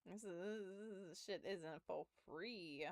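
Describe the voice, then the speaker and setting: A woman's voice: on the low side, slow pace, no room sound. A young adult woman streaming from home, telling a story in casual chat with laughs and profanity, close to her mic. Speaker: game streamer.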